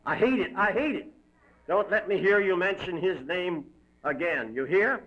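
A man's voice: high-pitched, lively intonation, normal speed. A man voicing a gloating male demon who mocks and taunts a damned soul. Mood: shrieking. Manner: mocking, shrieking, cackling. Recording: dull lo-fi recording.

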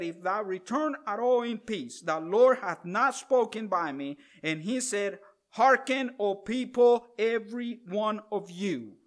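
A man preaching a sermon, reading a scripture passage aloud and breaking off for asides to the congregation, drawing out stressed words. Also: high-pitched. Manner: reads scripture aloud then adds asides, drawn-out stresses.

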